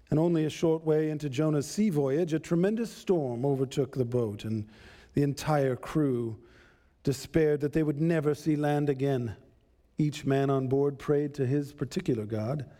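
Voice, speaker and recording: A man telling a story in the first person, with a measured, deliberate delivery and pauses. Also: medium pitch, mellow.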